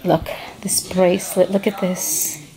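A woman's voice: fairly low pitch, flat delivery, a little slow, mellow. A woman chatting casually to camera, gushing over handmade crafts and often searching for the right word. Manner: gushing and enthusiastic, repeats praise words; searches for words, trails off mid-sentence. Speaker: craft vlogger showing a package.

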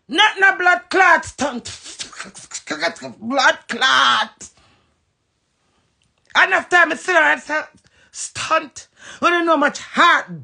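A woman's voice: high voice, vocal fry, sharp tone. A Jamaican woman ranting heatedly and profanely on a phone live stream. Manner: heated, profane, fast-switching rant.

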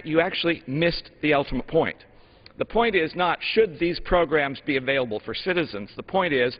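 Man, congressman, floor speech, measured lecturing tone, long reverb, muffled audio. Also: on the high side. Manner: measured, lecturing with historical examples. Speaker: congressman from Utah. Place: House chamber. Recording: dull broadcast audio in a long-reverb chamber.

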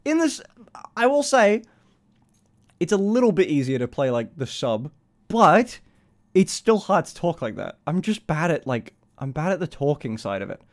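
A man in his twenties chats casually on a live stream, his voice on the high side and sing-song at a normal speed. He swears freely, laughs often, and rambles self-consciously.

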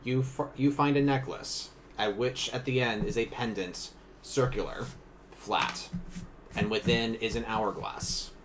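A man who runs a tabletop game as game master and narrates in a deliberate, descriptive way. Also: medium pitch, background noise.

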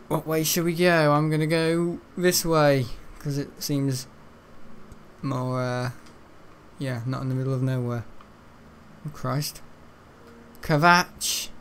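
A man's voice: medium pitch, slow pace, pauses often, slight background noise. A young man, rambling and joking casually while playing a video game. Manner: rambling, chatty and jokey, laughs at own jokes. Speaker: gaming channel host. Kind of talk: casual let's-play commentary.

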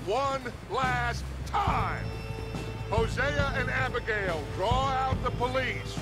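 An actor playing a grand, persuasive outlaw gang leader in a western game, giving commanding speeches. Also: male voice, extremely high pitch.

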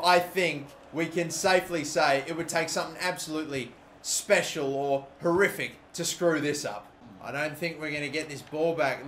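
An Australian man commentating his own football video game career, calm musing that bursts into loud shouting at big moments. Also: a little high. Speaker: gaming YouTuber. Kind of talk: excited gameplay commentary. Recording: echoey room with faint noise.

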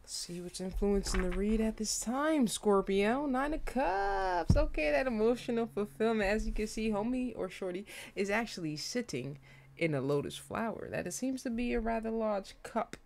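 A woman casually doing a tarot reading for her viewers, animated, slangy and openly emotional as she talks. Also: medium pitch, moderate pace, slight background noise. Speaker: tarot reader.

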